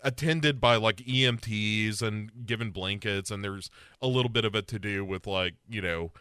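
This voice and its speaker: A man's voice: lowish voice, normal speed, sharp tone, smooth, no room sound, clean studio sound. A man in casual chat recapping a TV show, acting out the scenes in playful put-on voices. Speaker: podcast co-host.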